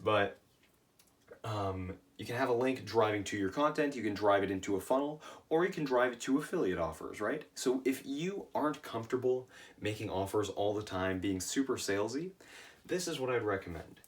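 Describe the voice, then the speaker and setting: A man's voice: on the low side, animated, normal speed, distant mic. A tired man with a worn voice, teaching email marketing in a casual lesson, often checking in with "right?". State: tired, voice shot.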